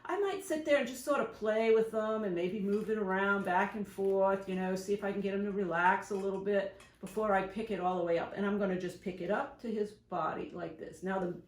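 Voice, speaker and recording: A woman's voice: mid-range voice, brisk, hardly any pauses. Chatty woman groomer in an echoey room. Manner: chatty and rambling, often acting out examples. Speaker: professional dog groomer and shop owner. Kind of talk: casual instructional talk to camera. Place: grooming salon.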